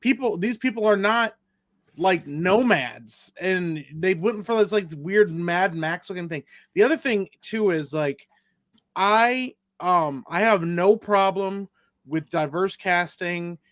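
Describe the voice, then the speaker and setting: A man's voice: high-pitched, slow pace, a bit bright, dry recording, studio quality. A man co-hosting a livestream, talking in a blunt, rambling, sweary way. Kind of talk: casual livestream chat.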